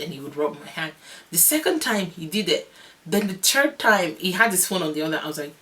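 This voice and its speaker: A young woman vlogger telling a long story in a casual, animated, rambling way, often laughing. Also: lowish voice, fast. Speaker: vlogger, new mother.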